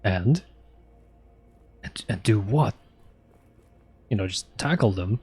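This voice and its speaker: A man's voice: lowish voice, lively intonation, takes it slowly, a little mellow, slightly rough. A man streaming a video game live and joking his way through it with wry commentary.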